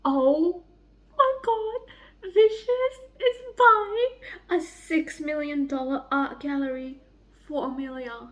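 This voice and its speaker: A young woman chatting excitedly in a book vlog, gushing, giddy and swearing freely. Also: sits high, slow pace. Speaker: book vlogger. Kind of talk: excited reading vlog chat.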